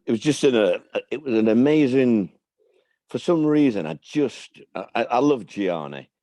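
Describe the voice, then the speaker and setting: A man's voice: mid-range voice, lively intonation, moderate pace, warm tone, dry recording. An older man, a former football manager, chatting as a guest and telling rambling anecdotes full of restarts. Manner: rambling storyteller, frequent restarts. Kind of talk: anecdotal interview chat.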